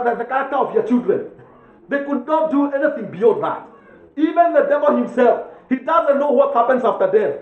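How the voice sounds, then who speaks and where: A man with a Kenyan accent preaching a sermon as pastor, fervent, with frequent chuckles and mixed languages. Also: very high-pitched. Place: church. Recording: echoey church with tinny phone-like sound.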